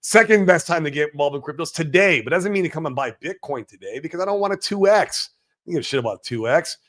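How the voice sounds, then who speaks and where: A man hosting a casual crypto livestream, brash and profane, swinging between loud hype and mumbled asides as he reads chat comments. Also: fairly high pitch, lively intonation, fast talker.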